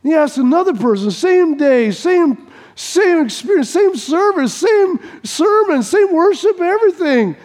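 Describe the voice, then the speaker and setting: A male pastor preaches in a loose, joking, conversational way, stumbling and restarting as he goes. His voice sits very high for a man. A long reverb from a large church hall trails after each line. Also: expressive, measured pace, a little mellow. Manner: conversational, stammering, humorous. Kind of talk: sermon.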